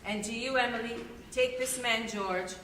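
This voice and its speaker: A woman acting a solemn minister on stage, formal and measured. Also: on the high side, fairly even intonation, fairly bright tone, far from the mic, lightly acted. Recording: echoey, very noisy stage audio from afar.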